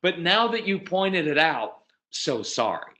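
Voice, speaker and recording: A man's voice: a little high, big pitch swings, unhurried, sharp tone, voice pushed up, full character voice. A man mimicking a young boy who thanks his father with exaggerated, sarcastic politeness. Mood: mock grateful.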